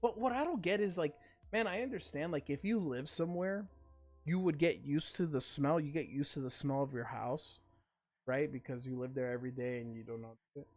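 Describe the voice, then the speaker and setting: A man's voice: a little high, fairly quick, a little mellow, soft background music. Profane ranting male livestream host. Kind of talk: casual livestream chat.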